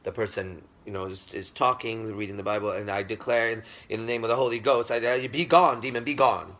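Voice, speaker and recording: A man's voice: lowish voice, steady tone, fast, a bit bright. A man giving a classroom lecture, speaking with emphasis, repeating himself and checking that the class agrees.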